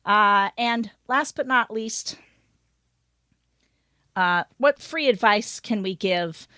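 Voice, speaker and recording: Animated woman podcast host, dry sound. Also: medium pitch, takes it slowly, no room sound. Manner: animated, giggly storyteller. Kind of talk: casual chat, reading stories aloud.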